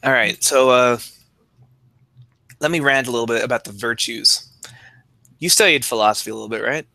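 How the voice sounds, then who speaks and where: A man's voice: medium pitch, normal speed, bright, forceful tone, dry recording. A young man co-hosting a podcast with dry, wry humor, who also reads passages aloud. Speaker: podcast co-host and teacher. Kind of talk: casual chat, reading aloud.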